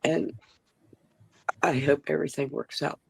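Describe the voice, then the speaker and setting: A woman's voice: sits low, steady tone, unhurried, gravelly, a little mellow, slightly rough. A tired woman, talking earnestly and apologetically as a guest on a live stream. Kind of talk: emotional live-stream talk.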